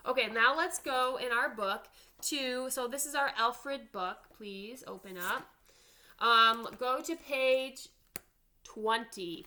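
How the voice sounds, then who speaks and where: A woman's voice: fairly high pitch, pushed and bright. A woman band teacher giving an online drum lesson, counting aloud and checking in with "all right?".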